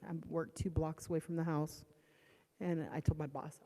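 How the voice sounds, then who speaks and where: A middle-aged woman gives an emotional personal testimony in a church. Her voice swings from hushed to loud and strained, and she talks haltingly with restarts. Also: deep voice, fairly even intonation. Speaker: church member giving a testimony. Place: church sanctuary. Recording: long church hall reverb.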